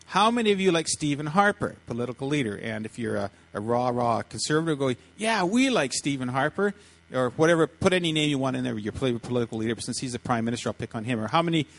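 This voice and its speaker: A man preaching to children, retelling a story in an animated way and often repeating his words as he acts out quotes. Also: medium pitch. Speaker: pastor speaking to children.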